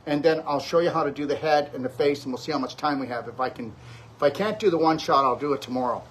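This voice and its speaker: Guy walking you through a neck routine, kinda high voice, keeps saying okay, clapping on himself as he talks. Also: fast. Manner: emphatic, frequent "okay?" check-ins; physically clapping his own neck and back while talking. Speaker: health coach demonstrating self-treatment. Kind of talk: instructional demonstration.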